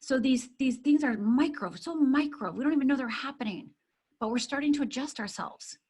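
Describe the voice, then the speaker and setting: Middle-aged woman coach teaching, slightly high voice, lively and animated. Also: a little fast, slightly rough. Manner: animated, acts out a crying baby in a high voice. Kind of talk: teaching talk.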